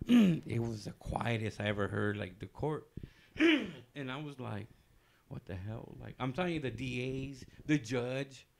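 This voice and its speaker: A man's voice: medium pitch, vocal fry, a little hiss or hum. A man telling a long personal story on a casual podcast, rambling loosely with many fillers and restarts.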